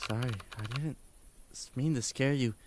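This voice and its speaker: A man reading the lines of a panicked mother who is looking for her missing child in a horror game, in a hushed, pleading way. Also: mid-range voice, normal speed, a little hiss or hum, natural voice. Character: frantic mother searching for her lost child.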